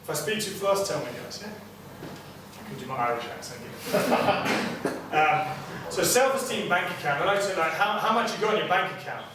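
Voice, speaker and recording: A personal trainer speaks with a fairly high voice, keeps asking his audience "okay?" and drives his points home with energy. He is picked up from across a very echoey room, with a faint hiss underneath. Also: fast talker, sharp tone. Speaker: personal trainer giving a seminar. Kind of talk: motivational seminar talk. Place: seminar room with clients. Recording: very echoey room, distant mic, faint noise.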